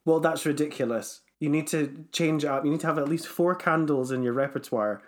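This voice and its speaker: A young man, chatting casually on a podcast, animated and teasing and quick to laugh. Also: fairly high pitch. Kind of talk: casual chat.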